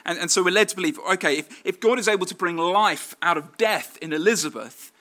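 A man preaches a sermon in a bright, clear voice that sits a little high. He talks conversationally, with fillers and restarts. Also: fairly quick.

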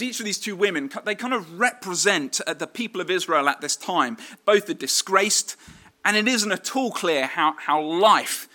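A man's voice: a little high, sharp tone. A man preaching a sermon in a conversational way, with fillers and restarts.

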